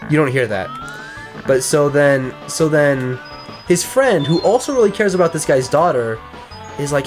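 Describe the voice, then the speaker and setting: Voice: mid-range voice, animated, moderate pace, music in the background. A gaming co-host in casual let's-play chat, rambling and cursing while retelling a film plot. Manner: rambling, profane, retells a film with quoted voices.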